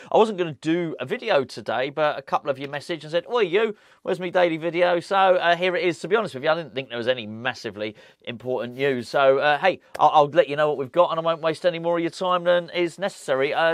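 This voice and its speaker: A man's voice: fairly high pitch, fairly bright tone, dry recording, studio quality. A man chatting casually to camera as a football fan vlogger, rambling and joking as he goes, from a room at home.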